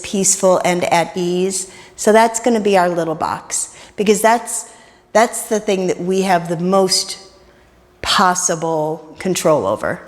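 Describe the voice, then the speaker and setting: A middle-aged woman minister giving a sermon during worship, with a playful manner and joking asides. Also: fairly low pitch. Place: church sanctuary during worship. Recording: long reverb of a large hall.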